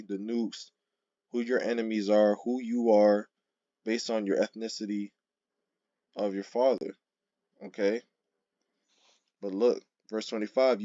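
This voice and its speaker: A man giving an informal sermon, reading scripture verses slowly and then driving points home emphatically with frequent "okay?" and "right?". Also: lowish voice, a little mellow, no echo, lo-fi sound. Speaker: street-style scripture teacher.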